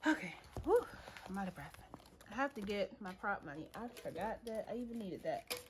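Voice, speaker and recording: A woman's voice: mid-range voice, animated, fairly quick, background noise. A woman, chatting casually to viewers as she counts cash into envelopes, laughing often and calling them y'all. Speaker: budgeting vlogger. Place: home room at a table.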